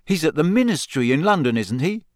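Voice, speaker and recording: A man's voice: a little high, sing-song, brisk, dry recording, clean studio sound, voice pushed up. A man voicing an earnest teenage boy wizard who speaks carefully and evenly. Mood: guarded.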